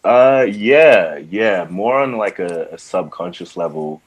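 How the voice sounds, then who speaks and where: A man's voice: deep voice, animated, slow, poor audio. A young man from Ghana, a musician guest chatting casually in an interview, laid-back and full of "like" and "um" fillers.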